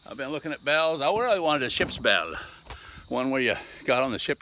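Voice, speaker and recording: A man's voice: mid-range voice, sing-song, brisk, sharp tone, a little hiss or hum. A man chatting casually to his camera outdoors in a folksy, joking way. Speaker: hobbyist vlogger. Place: outdoors in the yard.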